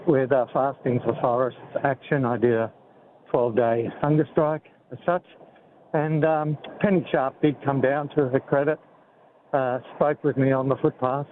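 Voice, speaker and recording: An Australian man in his seventies, speaking haltingly with many fillers and out of breath as he walks beside a highway. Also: a little hiss or hum. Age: 70s. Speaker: activist interviewee. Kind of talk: phone interview. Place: outdoors walking by a freeway. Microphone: phone. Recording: tinny phone line with faint outdoor ambience.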